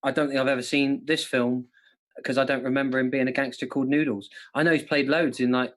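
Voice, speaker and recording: A man's voice: mid-range voice, little pitch movement, fast talker, a bit bright. Jokey man bantering on a quiz stream. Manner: jokey, laughs often. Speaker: quiz host, comedian. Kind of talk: casual banter.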